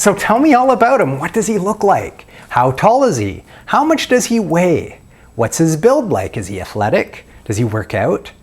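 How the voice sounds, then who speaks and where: Questioning man coaching listeners, lively pitch. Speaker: dating coach. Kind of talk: self-help video instruction.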